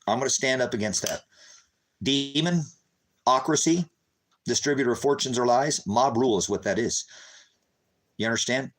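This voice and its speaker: A man pours out an agitated, impassioned monologue to his followers, calling them brothers and sisters. His voice sits mid-pitched and climbs loud and high when stirred. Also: a little fast, rough recording. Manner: grows loud and high when recounting the raid. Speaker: street preacher vlogger.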